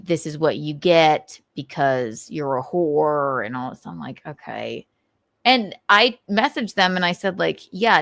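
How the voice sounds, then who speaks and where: On a casual livestream, a woman host talks candidly, swearing often and laughing a lot. Her mid-range voice comes through a dry, studio-quality recording, and her speech is halting, full of restarts and fillers.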